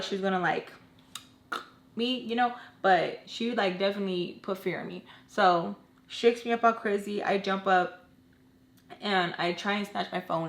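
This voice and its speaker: A young woman in her twenties telling an emotional story from her own life, animated and emphatic, often stressing points with "okay?". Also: mid-range voice. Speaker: storytime vlogger. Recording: roomy echo.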